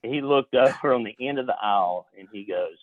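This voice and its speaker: A man telling a folksy story as a podcast guest, talking in an animated way with frequent restarts. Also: mid-range voice, fairly quick, dry recording, phone-quality sound. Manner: animated, folksy, self-interrupting. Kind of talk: casual storytelling.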